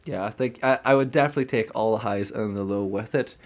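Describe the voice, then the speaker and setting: A man's voice: lowish voice, fast. A man hosting a casual chat, upbeat and quizzing his guest. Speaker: podcast host.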